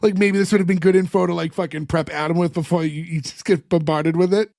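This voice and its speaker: A man's voice: on the high side, fast, vocal fry, dry recording, clean studio sound. A man co-hosting a podcast, retelling a show's scenes with lots of "like" and acting out the characters' lines. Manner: animated retelling, acts out characters' lines, fillers like "like". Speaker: podcast co-host recapping an episode. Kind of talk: casual chat.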